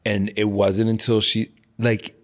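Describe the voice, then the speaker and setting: Deep-voiced man opening up emotionally. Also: level tone. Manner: emotional, open, slows on heavy moments; casual, frequent "like" fillers. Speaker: guest. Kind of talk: candid interview conversation.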